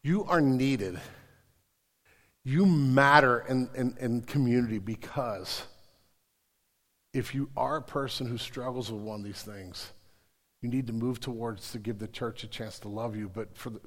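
Animated pastor preaching in a reverberant hall. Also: male voice, mid-range voice, measured pace. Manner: animated, mimicking people, many stammered restarts. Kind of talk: sermon.

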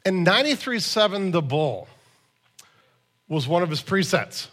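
A man's voice: sits high, very animated, a little slow, fairly bright tone. A man in his forties preaching a sermon in a conversational, storytelling way, with emphatic asides. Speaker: pastor.

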